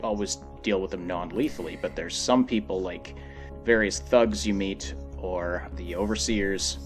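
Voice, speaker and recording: A man's voice: low voice, measured pace. A young man as a guest in a casual game discussion, talking hesitantly and restarting his phrases often. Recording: faint background music.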